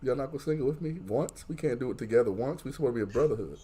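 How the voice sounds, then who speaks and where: A man guest-hosting a wrestling podcast, talking in casual banter with animated, mock-outraged rants. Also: medium pitch, rapid-fire, slightly rough.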